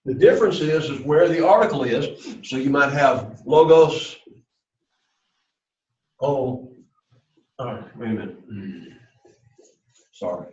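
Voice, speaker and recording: A man's voice: mid-range voice, expressive, takes it slowly, long pauses, a little mellow. A man teaching a Greek class, explaining at length and often checking in with "okay" and "all right.". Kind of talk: classroom lecture. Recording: echoey classroom, dull lo-fi sound.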